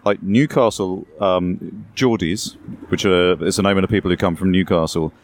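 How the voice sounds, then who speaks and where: A very deep-voiced man with an English accent, talking as a guest in an interview. He explains things at length in a relaxed, conversational way, with asides and the odd bit of playful exaggeration. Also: normal speed. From England. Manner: explanatory, storytelling with asides and hyperbole.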